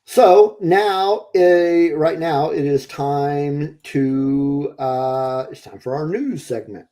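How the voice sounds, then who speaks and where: Hesitant man with a mellow voice. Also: fairly high pitch, drawn-out words. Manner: hesitant, many ums and restarts. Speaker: podcast co-host. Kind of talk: casual live-stream chat.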